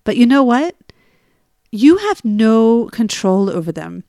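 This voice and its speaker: A woman coach telling a personal story and drawing a lesson from it, in an animated way with frequent laughter. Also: a little high, slow, no echo, studio quality. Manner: animated, acts out dialogue, laughs often. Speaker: coach on getting unstuck. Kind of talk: storytelling monologue with advice.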